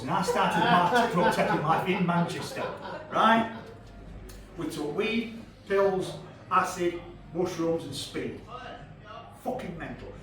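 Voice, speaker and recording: Sweary Yorkshire comic, high voice. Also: male voice. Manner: brash, sweary, crowd-teasing storytelling. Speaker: stand-up comedian. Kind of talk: stand-up comedy set. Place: comedy club stage. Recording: echoey club, far from the mic, audience laughter.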